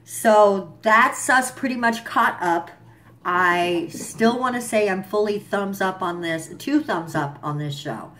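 A woman's voice: medium pitch, slow, fairly bright tone, slight background noise. Young woman rambling thru a show recap, swears a lot, lots of ums. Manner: chatty, profane, lots of fillers and asides. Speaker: vlogger recapping a TV episode. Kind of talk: casual chat.

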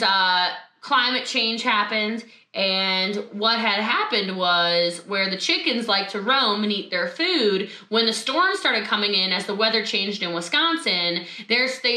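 A woman giving an animated, emphatic motivational talk over a video call, telling a story with asides. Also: on the high side. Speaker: motivational speaker. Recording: roomy echo.

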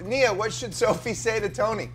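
A woman's voice: mid-range voice, normal speed, over music. A woman hosting casual chat, teasing and prodding her friend.

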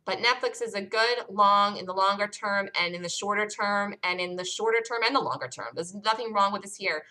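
A woman's voice: mid-range voice, fairly quick, sharp tone, low-quality recording. A woman leading a live stock-chart review for traders, talking emphatically, repeating her points and asking listeners for questions. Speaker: trading room leader.

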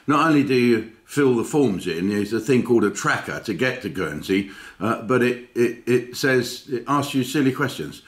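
A man with a lowish voice talks straight to camera in a loose, rambling way. He jokes at his own expense and keeps breaking off with asides and fillers, like a comedian hosting his own channel. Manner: chatty storytelling, full of fillers and asides; jokey and self-mocking. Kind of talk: casual chat to camera.

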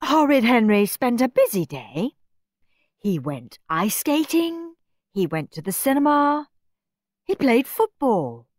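Slow, expressive woman storyteller. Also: a little high, dry recording. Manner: expressive, playful. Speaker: audiobook reader. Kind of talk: storybook narration. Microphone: close studio mic.

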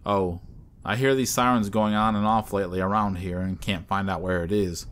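A man's voice: lowish voice, fairly even intonation, normal speed, a bit bright, clean tone, lightly acted. A man voicing a young male hunter who is irritable and edgy, speaking in short, terse bursts.

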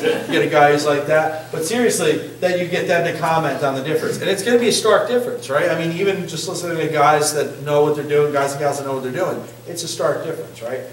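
A man's voice: fairly high pitch, quick pace, few pauses, slight background noise. A man leading a singing workshop in a casual, joking way, often asking the group questions. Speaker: singing instructor. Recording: echoey room, distant mic.

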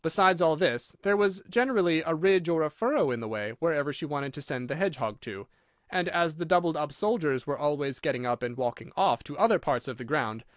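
A man reading a children's audiobook with an expressive, animated delivery. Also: a little high, a little fast, no echo, studio quality. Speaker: audiobook narrator. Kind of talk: audiobook narration.

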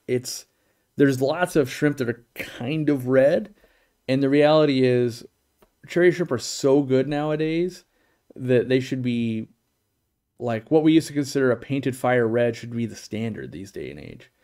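In a casual live Q&A, a middle-aged stream host gives blunt, opinionated answers to viewers, rambling and frequently starting over. His mid-range, darkish voice is animated but measured in pace.

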